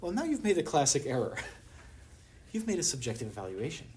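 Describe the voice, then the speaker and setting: A lecturer delivers an academic talk, teasing the audience with rhetorical questions. The pitch sits in the middle, and a soft hiss runs underneath, as in a university lecture room. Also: huge pitch swings, normal speed. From Pittsburgh, USA. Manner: wry, humorous, rhetorical questions. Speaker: anthropology lecturer.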